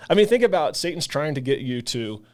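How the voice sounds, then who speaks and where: A man's voice: fairly high pitch, big pitch swings, fairly quick, darkish tone. A man who leads a ministry, talking earnestly in a casual faith discussion and acting out the voices he quotes. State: emotional, voice catching. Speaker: ministry leader and podcast co-host.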